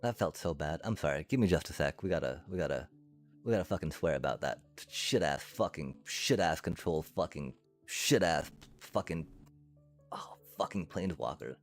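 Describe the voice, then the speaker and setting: A man's voice: rumbling low, animated, moderate pace. A male streamer ranting to his chat, angry and profane, swearing through his frustration. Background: faint music.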